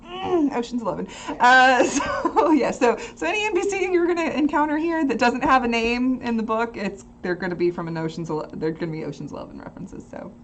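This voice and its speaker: A woman narrating a tabletop game as game master, relaxed and folksy, often laughing. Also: a little high, brisk, hardly any pauses, a little hiss or hum.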